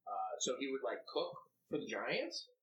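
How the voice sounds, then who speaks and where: Lively, swearing man storyteller, lo-fi audio. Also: medium pitch, a little slow, far from the mic, slight background noise. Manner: animated, profane storyteller who acts out other people. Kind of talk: casual podcast chat. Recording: dull lo-fi sound.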